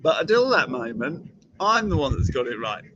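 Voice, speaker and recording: A man's voice: medium pitch, big pitch swings, moderate pace, fairly bright tone, dull audio. A man teaching about horses in a chatty live-stream talk, often asking rhetorical questions. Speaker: horse trainer.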